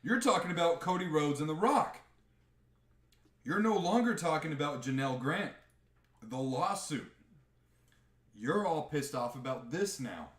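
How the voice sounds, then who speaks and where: A man on a live podcast, chatting casually in a profane, animated rant. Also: a little high, a little slow, pauses often, echoey room. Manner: animated, profane ranting with mocking impressions. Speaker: podcast co-host.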